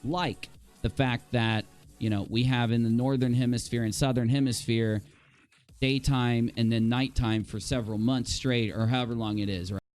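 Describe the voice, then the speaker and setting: Exasperated live-stream host reading comments. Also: male voice, medium pitch, fairly even intonation, normal speed, a little mellow, soft background music. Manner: exasperated, incredulous, rambling with sighs and repeated exclamations. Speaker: podcast talk show host.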